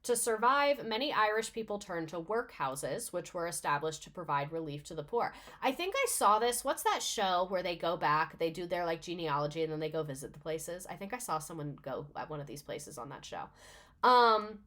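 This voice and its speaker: A woman's voice: fairly low pitch, animated, normal speed, fairly bright tone. A young adult woman, a teacher, reading a text aloud in a casual way and breaking off for chatty, sarcastic comments with plenty of swearing.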